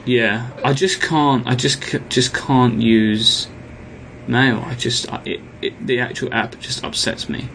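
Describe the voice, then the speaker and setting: A man's voice: mid-range voice, fairly even intonation, vocal fry, a bit bright, slight background noise. Chatty British man talking tech. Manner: enthusiastic, quick asides, trailing restarts. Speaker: podcast co-host. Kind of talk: casual tech chat.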